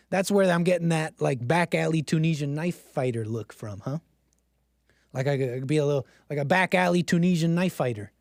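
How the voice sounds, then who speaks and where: A man's voice: on the high side, lively intonation, moderate pace, a little mellow, no echo, studio quality. A man hosting a livestream, joking and self-mocking as he talks to his chat. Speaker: streamer host. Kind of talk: casual livestream monologue.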